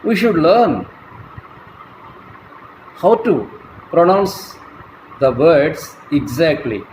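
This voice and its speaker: Man lecturing slowly in an echoey room. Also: on the high side, big pitch swings, darkish tone. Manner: slow, deliberate, spells words out letter by letter. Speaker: college English lecturer. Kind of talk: classroom lecture. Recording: echoey room, faint traffic noise.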